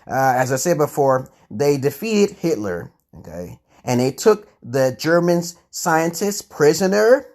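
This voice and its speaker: A man's voice: fairly high pitch, sing-song, unhurried, few pauses, darkish tone. A man from the United States hosting a casual vlog, rambling and argumentative, stumbling over words, tagging points with "okay?" and swearing freely. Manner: curses freely and restarts words often. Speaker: channel host answering chat comments.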